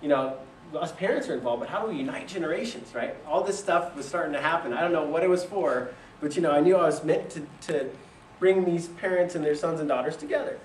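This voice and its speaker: A man's voice: fairly high pitch, fast, slight background noise. A young man telling a story in a casual way, laughing often and acting out what other people said. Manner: animated, laughs often, quotes people in voices. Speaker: speaker telling his business story. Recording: roomy echo from a distant mic.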